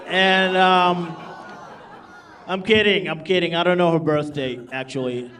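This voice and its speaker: Male comic, high voice, crude and brash, heard from across a club over a loud crowd. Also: fairly even intonation, measured pace. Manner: brash, crude, laughing at his own jokes. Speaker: stand-up comedian. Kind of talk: stand-up comedy set. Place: live comedy club. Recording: distant stage mic, loud crowd. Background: audience laughter.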